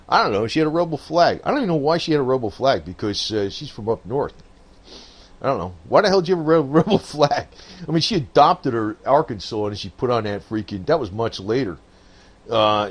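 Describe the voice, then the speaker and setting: Man, casual political rant, lively swinging pitch, profane and laughing, loose delivery. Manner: rambling, profane, laughs often, frequent "man" and "I don't know". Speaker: political commentator. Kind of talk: casual rambling monologue.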